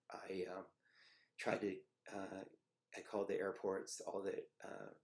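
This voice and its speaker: A middle-aged man telling a personal memory in a halting, reflective way, with many pauses and fillers. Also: low voice, darkish tone. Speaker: storyteller recounting a personal memory. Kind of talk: personal testimony.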